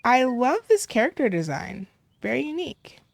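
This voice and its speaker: Curious young woman, lively gameplay chat. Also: fairly high pitch, normal speed, gravelly, no room sound. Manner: curious, gasps and coos at cute things. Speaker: gaming video host. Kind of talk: casual gameplay commentary.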